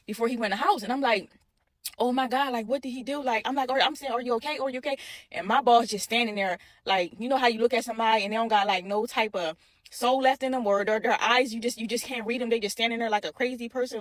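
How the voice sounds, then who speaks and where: A young woman telling a dramatic personal story in a casual, animated way, repeating herself and talking straight to viewers. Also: a little high, no echo.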